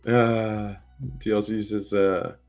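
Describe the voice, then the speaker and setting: Lowish guy rambling on his stream, reading chat out loud, some music faint in the back. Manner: rambling, talks to chat and reads their messages aloud. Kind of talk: casual live-stream chat.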